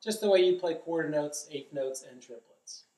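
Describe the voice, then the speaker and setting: Faint music plays behind a middle-aged man giving a careful drum lesson, chanting rhythm syllables as he goes. His voice is mellow and fairly high, at normal speed. The indoor studio echoes, and the mic is far off.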